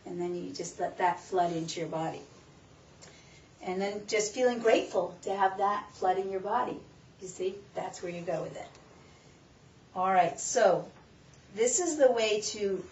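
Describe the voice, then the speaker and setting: A woman's voice: mid-range voice, darkish tone, a little hiss or hum. Woman teaching a workshop from across a room. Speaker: wellness workshop presenter. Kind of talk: live talk to a small audience. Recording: roomy, distant, muffled room recording with faint background.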